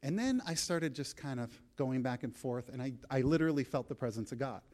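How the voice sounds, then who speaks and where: A male pastor tells a personal story in his sermon, acting out his prayers and swinging between soft, quiet passages and emphatic, raised ones. His mid-range voice is brisk with lively intonation.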